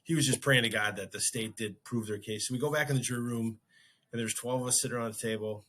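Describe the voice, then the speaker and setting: Guy on a podcast, husky voice, telling a story and hamming up his reactions. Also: medium pitch, fast talker. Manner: animated, acts out his own reactions. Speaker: podcast host. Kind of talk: casual storytelling chat.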